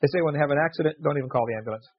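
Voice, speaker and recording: Hosting a radio show, a man with a highish voice and breathy edge talks at a racing pace. He reads listener letters aloud and tells jokey stories, laughing often, in a dull lo-fi radio recording.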